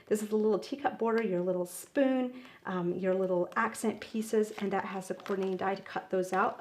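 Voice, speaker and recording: A woman walks through a papercraft project step by step, speaking in an easygoing instructional way. She fills pauses with ums and corrects herself as she goes, sounding relaxed and practical. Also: medium pitch. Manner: friendly instructional, frequent ums. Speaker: craft demonstrator. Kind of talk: tutorial demonstration.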